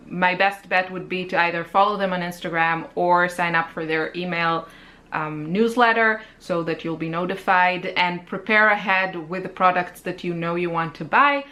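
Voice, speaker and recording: Bright-voiced chatty woman vlogger. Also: lowish voice. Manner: chatty, self-deprecating, laughs often. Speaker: art channel host. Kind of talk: casual chat.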